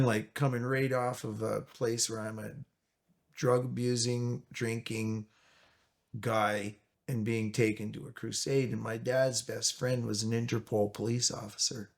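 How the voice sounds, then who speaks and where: A middle-aged man from Canada giving an earnest, reflective personal testimony, with a gravelly voice. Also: mid-range voice. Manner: earnest, reflective, emotional retelling. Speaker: testimony speaker. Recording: music bed under voice.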